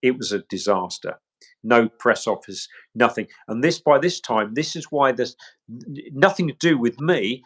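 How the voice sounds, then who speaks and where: This search specialist has a husky, mid-range voice and sounds animated at a normal speed. In the interview the middle-aged man forcefully retells events, often repeating what others told him and restating key points.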